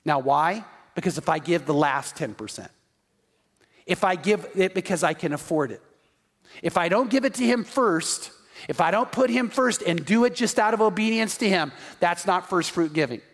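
A man's voice: sits high, lively intonation, moderate pace, big-room sound. A male pastor preaching a sermon with emphatic rhetorical questions, reading Scripture aloud.

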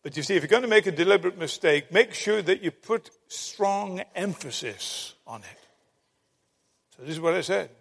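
A man preaching a sermon, telling stories with dramatic emphasis and long pauses. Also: sits high, expressive, vocal fry, a bit bright, husky. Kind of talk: sermon with storytelling. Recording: long hall reverb.

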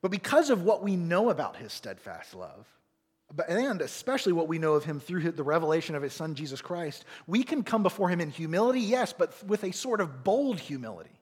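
A pastor delivers an earnest sermon in a slightly high, husky voice. His pitch swings widely as he presses his points, and the words ring out with a long hall reverb. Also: brisk. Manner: earnest, animated preaching with acted asides.

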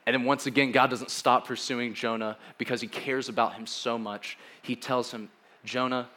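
A man's voice: medium pitch, steady tone, normal speed, bright, forceful tone. Casual young man preaching a sermon. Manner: casual, joking, acts out quoted dialogue.

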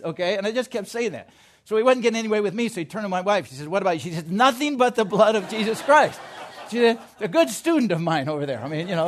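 A man preaching a sermon to his congregation in a high, lively voice. He drops to hushed asides and then builds to loud, emphatic declarations. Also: fast talker. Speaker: pastor.

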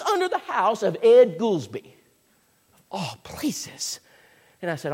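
A man, preaching a sermon as a folksy, animated storyteller. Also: on the high side, moderate pace, husky. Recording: echoey hall with long reverb.

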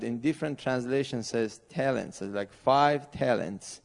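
A man's voice: medium pitch, slow pace, vocal fry, a little mellow. A middle-aged man from Iran with an Iranian accent, preaching a sermon as a missionary pastor in earnest, broken English. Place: church sanctuary.

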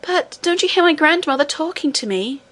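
A woman's voice: high-pitched, lively intonation, moderate pace. A woman reading aloud, voicing a young princess who pleads and is close to tears. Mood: tearful. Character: young princess girl, tearful and earnest.

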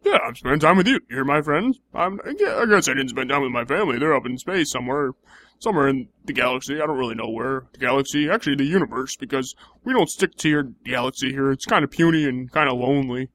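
A man's voice: medium pitch, expressive, quick pace, fairly bright tone. A young man in improvised comedy banter, teasing and playfully mocking.

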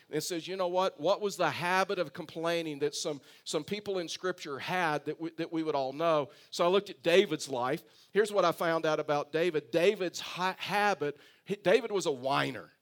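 A man preaching a sermon to a congregation, animated, now and then slipping into a whiny voice to quote complainers. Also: sits high. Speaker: pastor.

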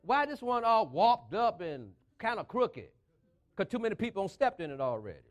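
A man with a notably high voice preaching a sermon in an emphatic call-and-response style. He builds each phrase up and drives it home, repeating lines for effect, with speech patterns. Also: big pitch swings, moderate pace.

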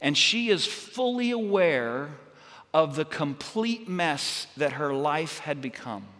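A man preaching a sermon as pastor, telling stories in a halting way with many restarts and fillers. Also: fairly high pitch, very animated, a bit bright, big-room sound.

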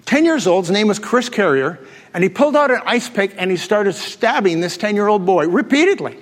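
A man's voice: high-pitched, lively intonation, brisk. A male pastor preaching a sermon to a congregation, telling stories and joking with them as he goes. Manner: storytelling, joking and laughing with the congregation. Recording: long hall reverb.

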